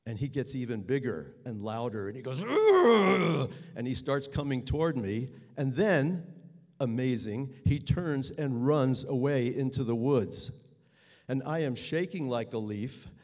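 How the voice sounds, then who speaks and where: A man's voice: mid-range voice, a little mellow, big-room sound. Earnest man telling a story live. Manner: earnest, halting pauses, building tension. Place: theater stage.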